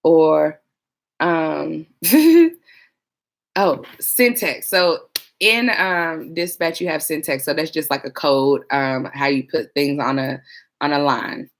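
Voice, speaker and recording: Speaking slowly in a low-pitched voice, a woman who once worked as a police dispatcher chats with viewers in a casual livestream. She's chatty and laughing, imitating coworkers while discussing trainees.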